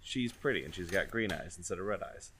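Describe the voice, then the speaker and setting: A man's voice: low voice, expressive, brisk, bright, forceful tone, slight background noise. A man playing a tabletop game, talking hesitantly and jokingly in casual chat. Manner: hesitant, jokey, with frequent laughter.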